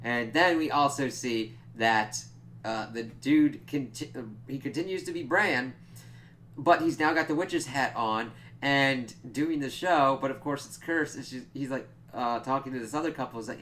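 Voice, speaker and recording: A man's voice: a little high, expressive, a little slow, a bit bright. A young man casually reviewing a TV episode, rambling and swearing freely as he acts out bits of dialogue. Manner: rambling and profane, acts out quoted lines.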